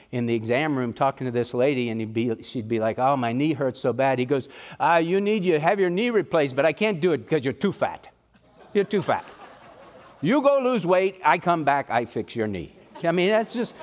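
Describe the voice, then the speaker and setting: A middle-aged man preaching a sermon in a folksy, conversational way, telling personal stories. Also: mid-range voice.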